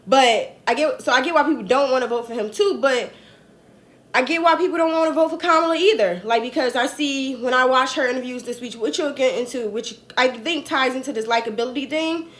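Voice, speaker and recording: Speaking fairly quickly in a high, fairly bright voice, this young woman from New Jersey rambles through a casual political livestream she hosts. Her delivery is chatty and full of slang.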